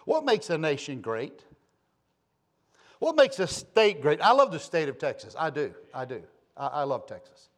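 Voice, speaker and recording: Man, preacher, sermon, impassioned, wide swings in volume, lively pitch. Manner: impassioned, swings from soft to shouting. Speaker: pastor.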